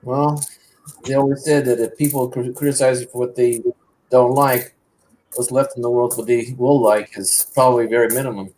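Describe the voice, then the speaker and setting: Man, flat monotone, halting reflective chat, faint background noise. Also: medium pitch. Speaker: stream guest. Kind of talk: casual chat.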